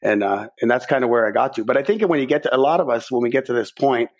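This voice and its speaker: A middle-aged man, a podcast guest, telling a personal story in a lively way and acting out his own thoughts. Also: medium pitch, quick pace.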